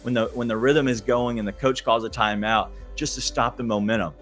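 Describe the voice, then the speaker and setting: A man's voice: mid-range voice, steady tone, a little fast, fairly bright tone, soft background music. A man hosting a podcast, giving casual sports betting advice in a chatty, hesitant way straight to his listeners. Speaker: podcast host.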